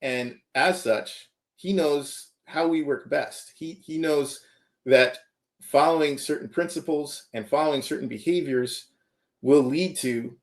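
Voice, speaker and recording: A man's voice: mid-range voice, darkish tone. A man, a computer science professor, giving earnest interview answers and checking in with the listener as he explains.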